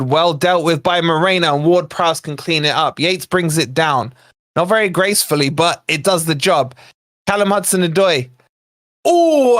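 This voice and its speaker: A man hosting a live football watch-along for a fan channel, narrating the play in a chatty way, talking to his viewers and breaking into excited shouts at near misses. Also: high-pitched, dry recording, studio quality. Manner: excitable, bursts into shouts at chances then calms; chatty asides to viewers in the chat.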